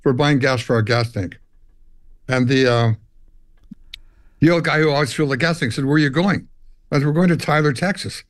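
A man's voice: medium pitch, brisk, long pauses, dry recording. Older Canadian man telling road stories. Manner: animated storyteller, acts out dialogue and hums riffs. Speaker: musician guest. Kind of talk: storytelling interview.

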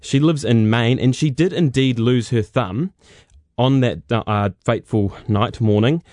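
A man, a radio producer presenting a feature segment in a relaxed, conversational storytelling manner. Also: medium pitch, measured pace, no echo, clean studio sound.

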